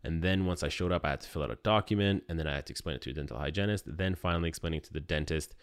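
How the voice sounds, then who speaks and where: Podcast host, man in his thirties, deep-voiced, wry self-mocking storyteller, dry close sound. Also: racing, smooth, dry recording. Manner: animated, wry and self-deprecating. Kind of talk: casual storytelling monologue.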